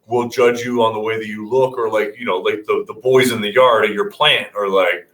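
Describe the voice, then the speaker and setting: A man's voice: fairly low pitch, fairly even intonation, moderate pace, a bit bright. A man co-hosting a casual podcast chat, rambling with many restarts and swearing freely. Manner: rambling, hesitant restarts, profane. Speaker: podcast co-host. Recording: echoey room.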